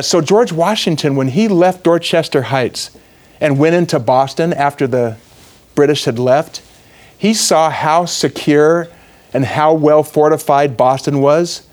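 A young man giving a religious talk, telling a history story with lively asides. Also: on the high side.

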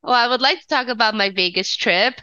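A woman's voice: fairly high pitch, brisk, sharp tone, clear, resonant tone. A woman co-hosting a podcast, chatting casually and poking fun at herself. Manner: chatty, self-mocking, laughs often. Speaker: podcast co-host. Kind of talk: casual chat. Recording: slightly dull, dry podcast audio.

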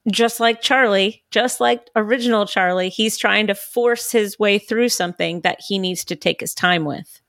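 A woman's voice: medium pitch, normal speed, fairly bright tone, no room sound, studio quality. A woman co-hosting a podcast, giving blunt, opinionated takes in casual chat about a TV episode. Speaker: podcast co-host. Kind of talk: casual TV show discussion.

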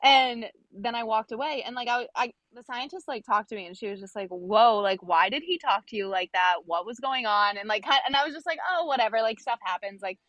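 A young woman chats as a podcast guest, her voice sitting a bit high. She tells her story with animation and acts out what people said, with plenty of fillers. The sound is dry and close. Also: a little fast, few pauses, no echo. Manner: animated, acts out quoted dialogue, many fillers. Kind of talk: casual storytelling chat.

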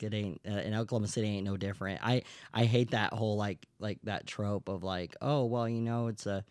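A man's voice: lowish voice, dry recording. A young adult man hosting a podcast, telling a long story in a rambling, casual way, with lots of fillers and some swearing. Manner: rambling, many fillers and restarts, swears freely. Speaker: podcast host.

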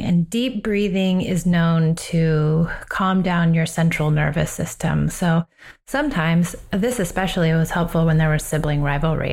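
Calm low-voiced woman parenting coach. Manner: calm, unhurried, reflective. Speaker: parenting coach and podcast host. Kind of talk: personal advice talk.

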